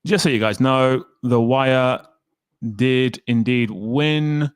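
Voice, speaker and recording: A man's voice: mid-range voice, slow, clear, resonant tone, no echo. Chatty man hosting a livestream. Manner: chatty, rambling, reads comments aloud. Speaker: livestream host. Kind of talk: casual livestream chat.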